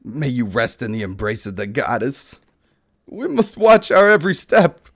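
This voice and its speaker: A man voicing a grieving dark elf warrior who declaims in an overwrought way. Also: mid-range voice, very animated, normal speed. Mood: alarmed.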